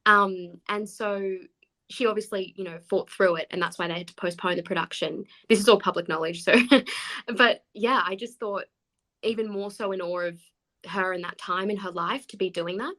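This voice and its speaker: A woman in her twenties, a guest actor chatting on a podcast and telling animated stories with frequent laughs. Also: mid-range voice, moderate pace. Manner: animated storyteller, laughs often. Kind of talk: casual podcast chat.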